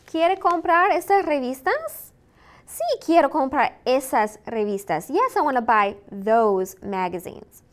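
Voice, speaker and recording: A woman teaching a Spanish lesson, saying each word slowly and clearly and repeating it in drills. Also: sits high, lively intonation. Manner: slow, clear drilling with repetition. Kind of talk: recorded language lesson.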